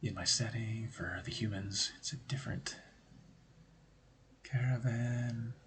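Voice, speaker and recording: A man's voice: fairly low pitch, fairly even intonation, normal speed, a bit bright, a little hiss or hum. A man hosting a stream, explaining tabletop game design in a rambling, conversational way with joking asides. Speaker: stream host.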